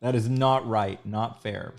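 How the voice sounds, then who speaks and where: A man's voice: on the low side, fairly even intonation, unhurried, gravelly, darkish tone. A man hosting a live sketch stream, joking around and mocking himself in casual banter. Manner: joking, self-mocking, playful. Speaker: livestream host sketching live.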